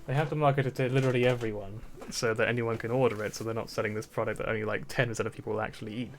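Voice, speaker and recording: A young British man chats casually on a stream in a steady, mid-pitched voice, talking rapid-fire. He rambles, tripping over repeated words and bursting into laughter, with slight background noise behind him.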